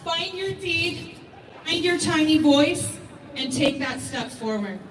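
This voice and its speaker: A woman's voice: sits high, lively intonation, slow pace, slight background noise. Woman giving an echoey rally speech. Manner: rallying, asks repeated questions. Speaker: rally speaker. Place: outdoor rally stage. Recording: echoey PA sound from far off.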